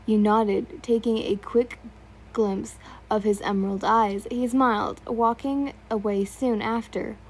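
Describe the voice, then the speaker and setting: A woman's voice: mid-range voice, steady tone, measured pace, a little mellow, poor audio. A woman reading fan fiction aloud, stumbling over words now and then and remarking on typos. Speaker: story reader.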